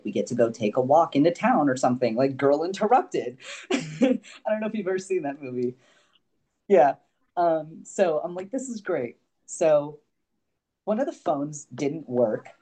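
Guesting on a podcast, this man has a slightly high, warm voice. His long, rambling story is packed with fillers, offhand swearing and little laughs that come often between his remarks.

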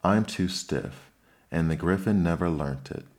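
A man's voice: low-pitched, a little slow, darkish tone. A man voicing a melancholy male Mock Turtle who sighs and sobs as he reminisces, in an audiobook reading. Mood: mournful. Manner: mournful, sighing, wistful.

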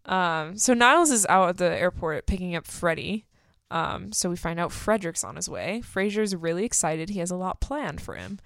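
Woman podcast co-host, casual recap, expressive swooping delivery, dry close sound. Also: on the low side, moderate pace, vocal fry, no echo. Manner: animated, laughs often, acts out character quotes. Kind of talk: casual episode recap chat.

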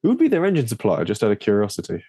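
Homme posé à la voix grave et chaude. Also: male voice, fairly low pitch, huge pitch swings, dark tone, husky, no echo. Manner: joking, quick banter. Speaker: podcast co-host. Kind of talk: casual chat.

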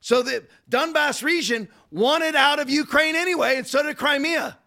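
A man hosting a podcast, giving fast, digressive political commentary full of rhetorical questions. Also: very high-pitched, creaky, bright, forceful tone. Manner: rapid, digressive, rhetorical ranting. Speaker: podcast host.

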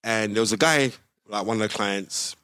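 Speaking at normal speed in a clear, resonant voice on the low side, a middle-aged man appears as a guest on a podcast, where he works as a boxing pundit. He spins lively stories, imitating the people he quotes and breaking into laughter, and the studio recording is dry and high quality.

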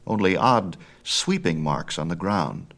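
A man narrating a storybook myth in a measured, expressive way. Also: deep voice. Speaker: audiobook narrator.

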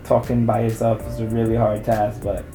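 A man's voice: fairly low pitch, completely flat delivery, moderate pace, warm tone, soft background music. A man hosting his own solo podcast, talking casually in a loose, chatty way and repeating himself. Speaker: podcast host. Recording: echoey room.

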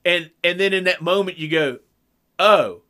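This middle-aged man has a high-pitched voice and speaks at a normal speed. As a podcast co-host in a casual storytelling chat, he recounts home stories with animation, acting out the quoted dialogue.

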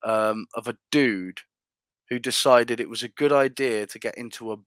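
A man's voice: mid-range voice, fairly even intonation, moderate pace, smooth, no echo, studio quality. A man co-hosting a casual chat over a laptop video call, swearing freely and telling stories with animation. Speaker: podcast co-host.

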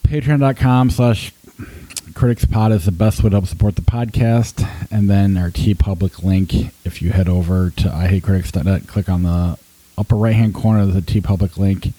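Guy hosting a movie podcast, low mellow voice, loose and laughy, dry close mic. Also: steady tone, moderate pace, no room sound, low-quality recording. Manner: loose, laughing, reads plugs off a list. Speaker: podcast host. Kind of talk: casual podcast chat.

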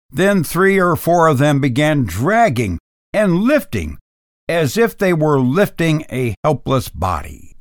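A man narrating a first-person ghost story in a dramatic, expressive reading. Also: medium pitch, no echo, studio quality.

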